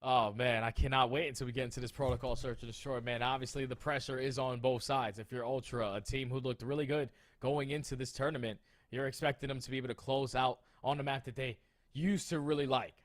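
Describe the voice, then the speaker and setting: Male esports caster, excitable and slangy, mid-pitched voice. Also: a little fast. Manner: hyped, enthusiastic, casual slang. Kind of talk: esports desk commentary.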